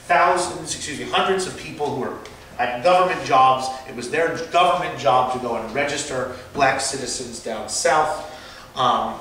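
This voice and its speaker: A man's voice: mid-range voice, fairly bright tone, slight background noise. A man giving an unscripted history lecture as a teacher, with many fillers and restarts. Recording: echoey room, far from mic.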